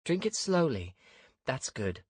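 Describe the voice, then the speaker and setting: A man's voice: medium pitch, sing-song, slow pace, a little mellow, husky, no echo, clean studio sound, pitched above the performer's own voice, exaggerated voice. A man reading an audiobook, voicing a young woman player who is brave but uneasy. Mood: urgent.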